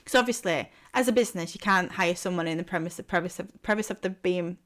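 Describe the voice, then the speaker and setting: A woman's voice: fairly low pitch, fast, fairly bright tone. A young woman, co-hosting a podcast, telling a long story in a rambling way with lots of "like" and casual swearing. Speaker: podcast co-host. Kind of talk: casual chat.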